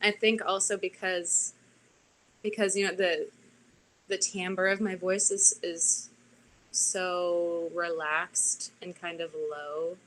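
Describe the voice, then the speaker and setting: A woman audiobook narrator talks shop in a relaxed, chatty conversation. Her voice sits a little low but has a bright, forceful edge. She talks on freely and often goes back to restart her phrases. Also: slow, a little hiss or hum, low-quality recording. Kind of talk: casual conversation.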